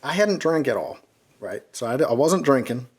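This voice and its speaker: A man's voice: mid-range voice, normal speed, breathy edge. Man telling a wild story, laughing. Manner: animated, swearing, laughs at his own story. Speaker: podcast co-host. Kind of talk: casual storytelling.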